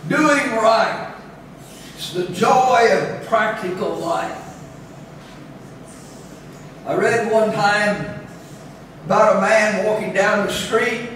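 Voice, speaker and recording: A man preaching a sermon as pastor, slow and deliberate, lifting his voice on scripture readings. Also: high voice, fairly bright tone. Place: church chapel. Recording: echoey chapel from a distance, faint room noise.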